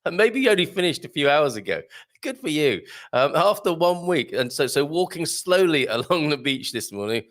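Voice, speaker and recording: A man's voice: on the high side, very animated, moderate pace. Chatty man hosting a morning show. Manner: chatty, jokey, laughs often, lots of ums. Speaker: host. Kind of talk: live-stream chat reading viewer comments.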